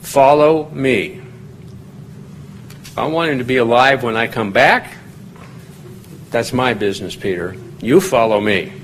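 A man's voice: medium pitch, normal speed, a bit bright, slight background noise, poor audio. A man giving a conversational Bible study, explaining scripture in plain talk and lifting his voice when he reads quoted lines aloud. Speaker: Bible teacher.

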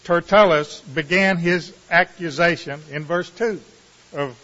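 A high-pitched man preaching in a slow, measured cadence, letting each phrase hang before the next. His voice rings with a long reverb in a large hall, and the sound is dull and muffled. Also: pushed and bright. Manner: slow, measured reading with dramatic pauses. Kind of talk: sermon with scripture reading.

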